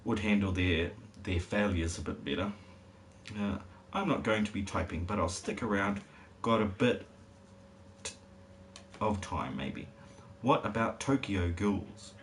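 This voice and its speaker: An adult father streams a game, rambling casually at a measured pace in a lowish voice and throwing jokey asides to his chat. Background hiss runs noisily through the recording.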